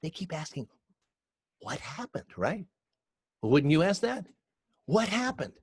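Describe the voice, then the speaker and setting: A man with a Hawaiian Pidgin accent telling a story aloud, acting out voices and dropping to hushed whispers. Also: a little high, unhurried, slightly rough. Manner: animated, acts out voices, shifts from shouts to hushed whispers. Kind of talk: oral storytelling. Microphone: home recording for video call show.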